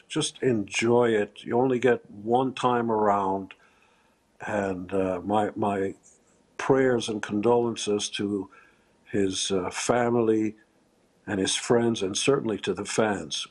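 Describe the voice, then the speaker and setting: A man speaking as a guest in a live news interview over a remote link. He talks haltingly and with emotion, often restarting his sentences and filling pauses. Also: lowish voice, darkish tone. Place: remote location far from the studio.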